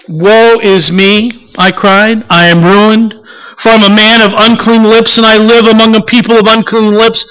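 High, bright-voiced male preacher. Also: clear, resonant tone, rough recording. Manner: reflective, unhurried, with rhetorical questions. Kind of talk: sermon.

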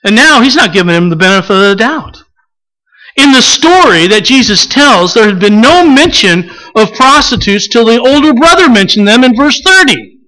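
Delivering a sermon in a lively, swooping style, the preacher sounds bright and forceful, dramatizing scripture quotes and asking the congregation questions. A mid-range voice moves at a moderate pace over poor-quality audio.

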